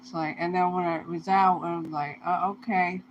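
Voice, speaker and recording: A woman's voice: fairly low pitch, steady tone, normal speed, dull audio, slight background noise. Rambling, foul-mouthed woman vlogger. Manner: rambling, swears heavily, loose slangy delivery. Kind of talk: casual profane monologue.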